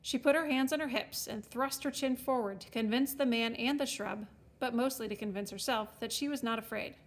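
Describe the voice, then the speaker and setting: A woman reading a storybook aloud, with wry, expressive scripted narration. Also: fairly high pitch, a little fast. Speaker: audiobook narrator.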